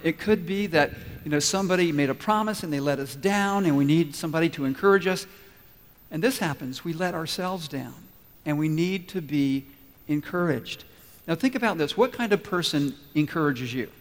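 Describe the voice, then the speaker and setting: A pastor preaches to his church family, working through his points and acting out little stories along the way. His voice sits a touch high for a man. The long reverb of a church hall trails behind every phrase. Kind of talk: sermon. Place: church sanctuary.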